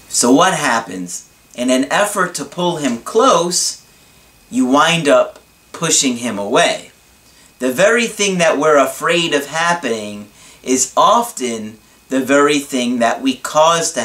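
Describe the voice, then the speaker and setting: A man giving relationship advice as a coach in a video monologue, explaining in a deliberate, reassuring way. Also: mid-range voice, fairly bright tone.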